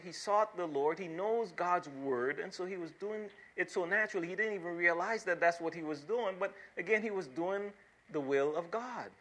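A man delivers a sermon as a pastor, his voice sitting a little high and ringing bright and forceful. He reads scripture aloud and presses his points by repeating words and building emphasis.

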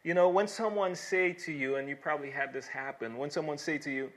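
A man's voice: a little high, moderate pace, a bit bright. A man preaching a sermon, reading scripture verses aloud and then explaining them earnestly, building to emphatic exhortations. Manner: earnest, with fillers and restarts, rising to emphatic exhortation.

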